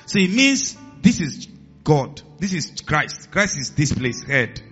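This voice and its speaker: Male pastor, bright animated preaching voice, slightly muffled recording. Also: on the high side, slow pace, faint music behind. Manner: animated preaching, acts out voices in the stories, drops to a hiss for commands. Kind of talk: sermon. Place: church hall with a congregation.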